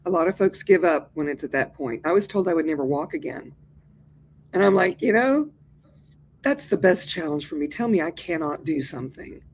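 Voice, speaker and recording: Lively older woman, low voice. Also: a little fast, a little hiss or hum. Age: 60s. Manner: animated, colloquial, addresses listeners as y'all. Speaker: guest, actor and therapist. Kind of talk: lively interview conversation.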